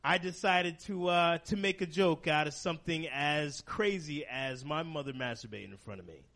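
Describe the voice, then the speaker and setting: A man performing a crude stand-up comedy set, deadpan and shocking, jumping into shrill outbursts. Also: moderate pace, vocal fry. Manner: crude, deadpan shock humor with sudden high-pitched outbursts.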